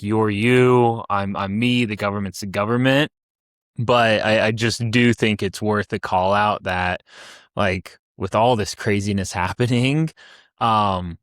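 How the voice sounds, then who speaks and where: A man's voice: on the low side, a bit bright, no echo, clean studio sound. A young American man co-hosting a podcast, telling a personal travel story in a rambling way with many restarts. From United States. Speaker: podcast co-host.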